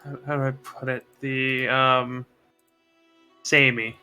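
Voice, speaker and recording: A man of middling pitch talking in a chatty, easygoing way with fellow players and swearing freely. His tone is bright and forceful, and faint music plays behind him. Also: little pitch movement, slow pace. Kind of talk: casual chat before a tabletop game.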